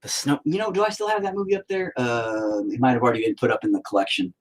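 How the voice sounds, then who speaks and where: A man's voice: mid-range voice, fast talker. A man hosting a livestream in casual chat, rambling and teasing the viewers with lots of profanity. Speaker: livestream host.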